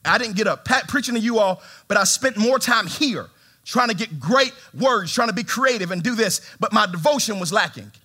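A man preaching to his congregation with a high, bright voice. His delivery is lively and swooping, dropping to near whispers, then rising into shouts. He jokes with the crowd and asks them to answer back. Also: moderate pace, husky. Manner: animated preaching, swings from shouts to hushed tones; humorous, calls on the congregation. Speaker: pastor. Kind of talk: sermon. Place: church sanctuary.

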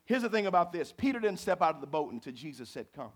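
A middle-aged pastor preaching a sermon, swinging from low, chatty asides to high, fervent climbs. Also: male voice, sing-song, fast, few pauses.

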